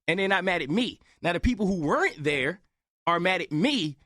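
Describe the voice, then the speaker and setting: A young man telling a story on a casual podcast, animated and acting out the other people's lines. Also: high-pitched, normal speed, no room sound, studio quality. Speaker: podcast host.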